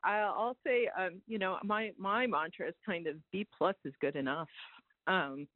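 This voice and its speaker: A man's voice: sits high, measured pace, dry recording. Reflective guy on a webinar, dry tinny call audio. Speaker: webinar panelist. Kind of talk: sharing advice on a webinar. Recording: tinny phone-like line.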